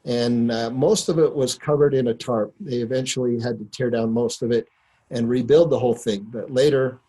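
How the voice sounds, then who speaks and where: A middle-aged man with a mid-range voice tells a personal story to a listener. He speaks in an earnest, unhurried way, pausing often and using fillers as he goes. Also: mid-range voice, steady tone, mellow, breathy edge, low-quality recording. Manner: unhurried, earnest retelling with many pauses. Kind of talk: personal anecdote told to a listener.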